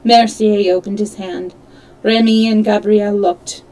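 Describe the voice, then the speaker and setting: A woman reading a classic novel aloud on a livestream, expressive, now and then stumbling and correcting herself. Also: medium pitch, unhurried, rough recording. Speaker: storyteller.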